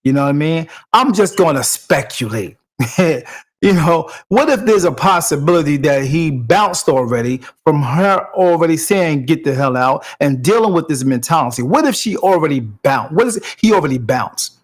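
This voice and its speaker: A man's voice: fairly high pitch, animated, normal speed, slightly rough. A male podcast host giving commentary on a video clip in a preachy, emphatic way, repeating his points.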